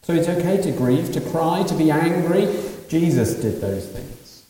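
A male preacher with a mellow, warm voice delivers a sermon, asking rhetorical questions and moving between hushed and raised passages. He sounds far from the mic in a long, echoing hall, with a faint hiss underneath. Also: fairly high pitch, animated, unhurried. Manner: asks rhetorical questions and swings from quiet to loud.

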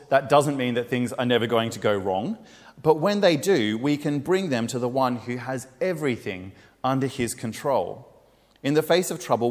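Earnest male preacher in an echoing hall. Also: mid-range voice. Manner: earnest, plain-spoken, with small fillers. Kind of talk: sermon. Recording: reverberant hall.

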